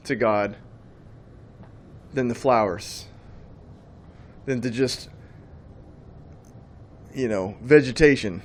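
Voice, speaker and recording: A man's voice: medium pitch, takes it slowly, pauses often. A man giving a preaching monologue on faith, emphatic and rambling, often repeating his words as he goes. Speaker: Christian speaker.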